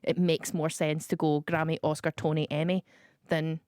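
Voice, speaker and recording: A woman's voice: low-pitched, little pitch movement, normal speed, darkish tone, dry recording. A woman hosting a radio show in a studio, chatting casually, laughing often and jumping between tangents. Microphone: studio microphone.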